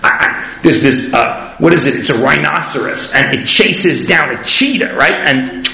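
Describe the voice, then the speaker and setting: A man speaking candidly and with self-deprecating humor at a recovery meeting, growing animated when telling stories. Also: fairly high pitch, moderate pace, gravelly. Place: meeting room. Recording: echoey room.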